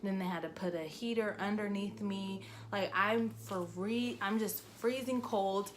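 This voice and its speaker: A woman's voice: mid-range voice, fairly even intonation, a little slow. Young woman rambling thru a story time vlog, lots of "like", bit of faint hiss behind. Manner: chatty, filler-heavy, emotional retelling. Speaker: vlogger.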